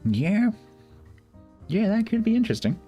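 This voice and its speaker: A man's voice: high-pitched, sing-song, normal speed, dark tone, husky, dull audio. A middle-aged man from London with a London accent, chatting casually with his stream chat, explaining things with many restarts. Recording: faint background music.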